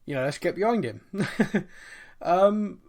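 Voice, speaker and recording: A man hosting a casual podcast chat, talking quickly and loosely, often laughing and slipping into playful impressions. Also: high-pitched, lively intonation, darkish tone. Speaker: podcast host.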